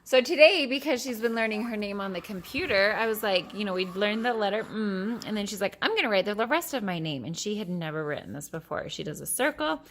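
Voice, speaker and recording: With a medium-pitched, lively voice, a woman in her thirties talks a little fast and barely pauses, with slight noise in the background. It's a casual home vlog where this mom rambles about teaching her kids, peppering it with "like" and restarts. Now and then she switches to sing-song praise for them.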